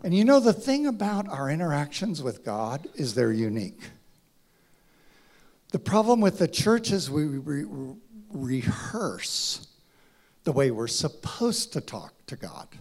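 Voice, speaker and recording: A man preaching a sermon, acting out dialogue in a dramatic voice that drops to a hush and rises to a shout. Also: a little high. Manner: dramatic, acts out voices, swings from hushed to shouting. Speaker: pastor.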